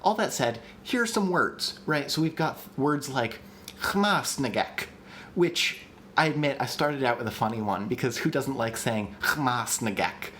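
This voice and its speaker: A man of middle pitch talks through a casual live-stream lesson at a desk mic. He sounds chatty and eager, full of ums and restarts. A faint hum of room ambience sits behind him. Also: animated, normal speed, fairly bright tone. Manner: chatty and enthusiastic, with many ums and restarts, reads chat aloud. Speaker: streamer teaching language construction.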